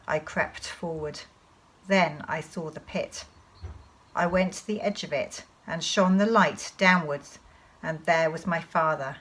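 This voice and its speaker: A woman teacher reading a children's novel aloud to her class in an expressive storytelling manner. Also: low voice, a little slow, breathy edge, poor audio.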